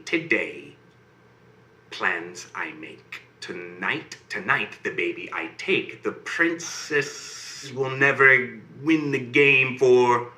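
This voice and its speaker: A man voicing a sly, greedy male imp in a bedtime fairy tale, dropping to a low menacing hush, recorded in an echoey room. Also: distant mic, exaggerated voice. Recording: roomy echo.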